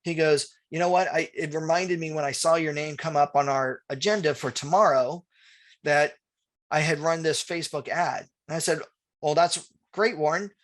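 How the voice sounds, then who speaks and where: A man's voice: on the high side, fairly even intonation, normal speed, fairly bright tone. A middle-aged man teaching real estate agents, telling a story with quoted dialogue and answering viewer questions. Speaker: real estate marketing trainer. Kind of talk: webinar presentation with anecdote and Q&A.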